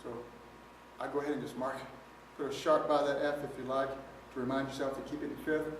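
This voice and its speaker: A man's voice: medium pitch, level tone, fairly quick. A man teaching trombone, explaining articulation step by step in a methodical way. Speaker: trombone instructor. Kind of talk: music lesson demonstration. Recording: very echoey room, mic at a distance. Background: trombone playing.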